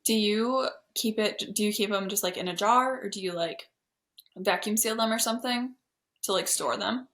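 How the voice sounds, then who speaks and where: A woman's voice: mid-range voice, normal speed, fairly bright tone. A young adult woman co-hosting a homesteading podcast, talking in an easygoing, conversational way full of casual fillers. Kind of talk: casual chat.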